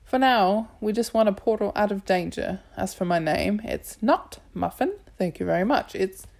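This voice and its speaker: A woman's voice: medium pitch, lively intonation, gravelly, darkish tone. A woman reading an audiobook, voicing a playful, confident feline goddess who purrs and teases. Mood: brisk amused. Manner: purring, amused, brisk. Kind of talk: audiobook character voice.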